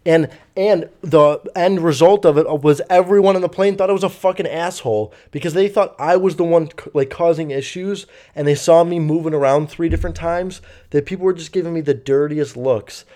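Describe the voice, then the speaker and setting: A man's voice: on the high side, fairly quick, few pauses, dark tone. Rambling, profane young man. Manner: rambling, profane, full of fillers. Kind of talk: casual storytelling to camera.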